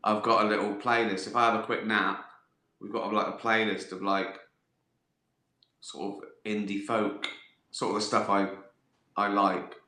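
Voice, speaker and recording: A man's voice: on the low side, little pitch movement, unhurried, long pauses, bright, forceful tone, roomy sound. A middle-aged man, hosting a casual livestream and answering viewer questions with swearing, self-mocking banter. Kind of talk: casual chat. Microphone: phone.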